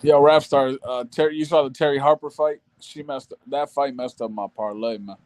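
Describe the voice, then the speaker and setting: A man guesting on a boxing stream, speaking in slangy, excitable casual chat. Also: medium pitch, brisk, no room sound. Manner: slangy, excitable, laughs easily.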